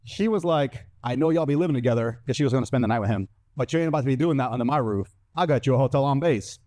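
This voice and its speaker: A man's voice: medium pitch, racing, a little mellow, no echo. A man doing stand-up comedy, telling a story in a brash manner and acting out the lines of other people in put-on voices.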